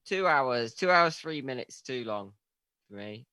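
An easygoing man co-hosting a film podcast, agreeable and quick with a joke. His voice is bright and forceful. The sound is dry and close. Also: medium pitch, lively intonation, no echo. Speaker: podcast co-host. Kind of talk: casual film review chat.

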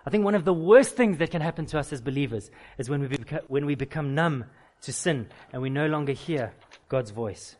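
A man's voice: fairly high pitch, expressive, brisk, darkish tone. A man, a pastor, preaching a sermon with candid personal stories and emphatic, repeated lists.

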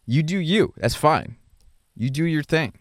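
A young adult man talking casually about his dating life, halting often with fillers and restarts and chuckling between thoughts. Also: a little high, expressive, no room sound, clean studio sound. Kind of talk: casual rambling monologue.

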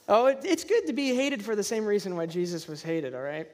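A pastor preaching to a congregation, telling personal stories with self-deprecating humor and lively acted-out asides. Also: mid-range voice. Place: church service before a congregation.

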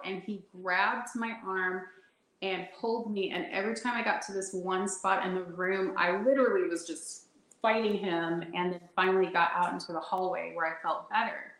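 A woman guest telling personal stories in a conversation, animated and laughing often as she acts out what people said. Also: mid-range voice, echoey room, low-quality recording. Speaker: intuitive guest. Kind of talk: storytelling in a conversation.

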